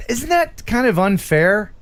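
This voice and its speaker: A man's voice: high voice, sing-song, measured pace, a bit bright. An American man hosting a casual live stream, joking around and reading chat comments aloud. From United States. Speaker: host.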